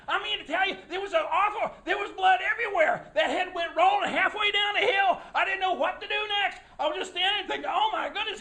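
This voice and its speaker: A man voicing a chatty, excitable little girl who rambles and repeats herself in a storytelling performance. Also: very high-pitched, voice pushed up, exaggerated voice. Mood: frantic. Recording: echoey room.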